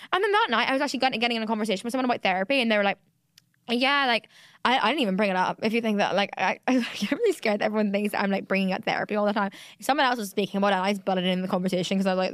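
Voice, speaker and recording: Brief: woman, 20s, mid-pitched, confessional podcast host, lots of fillers and restarts. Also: very fast, a bit bright, no echo, clean studio sound. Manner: rambling, candid, full of fillers and restarts. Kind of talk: solo confessional podcast monologue.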